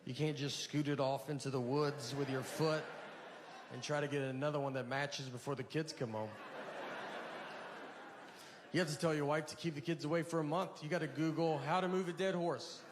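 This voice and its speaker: A man performing a stand-up routine, telling rambling stories in a halting, deadpan way. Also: a little high. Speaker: stand-up comedian. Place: large venue with a live audience. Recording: live stage mic in a reverberant hall with audience noise. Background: audience laughter.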